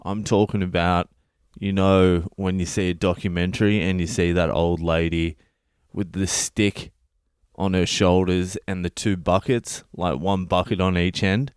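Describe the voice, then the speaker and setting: A man's voice: low-pitched, steady tone, unhurried, clean tone, dry recording, studio quality. Swearing Australian man telling a story. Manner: swears constantly, acts out his own lines. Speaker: comedian and podcast host. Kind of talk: profane comic storytelling.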